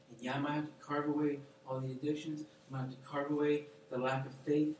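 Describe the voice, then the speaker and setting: A man delivers a casual, slangy sermon, his voice sitting a little high for a man. He stands well back from the mic in a big, very echoey room. A faint noise runs underneath. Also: a little fast, distant mic. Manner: animated, conversational, slangy storytelling with quoted voices. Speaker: preacher.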